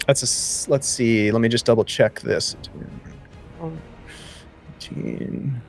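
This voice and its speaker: A man's voice: mid-range voice, fairly even intonation, slow, soft background music. A man running a tabletop role-playing game live, talking rules with hesitant fillers and friendly banter. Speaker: game master.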